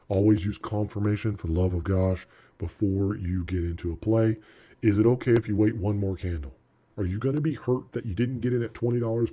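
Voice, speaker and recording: A man teaching a trading lesson over charts, animated and emphatic, talking straight to the viewer. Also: fairly low pitch. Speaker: trading instructor.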